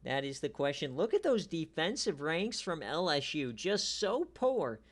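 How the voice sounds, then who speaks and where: A man hosting a league stream, giving casual, jokey play-by-play recaps that swing from low mutters to excited shouts. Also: measured pace.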